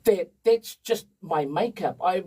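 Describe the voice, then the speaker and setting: A man, an energetic and chatty storyteller talking as a guest on a radio show. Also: high-pitched, measured pace, breathy edge, distant mic, rough recording. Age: 50s. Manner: energetic, chatty storyteller who laughs often. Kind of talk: casual radio interview. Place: radio studio.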